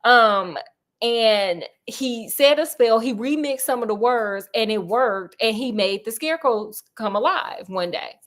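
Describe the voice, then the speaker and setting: Animated, slangy woman telling a story. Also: a little high, measured pace. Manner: animated, slangy, joking asides. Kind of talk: casual retelling of a horror novel.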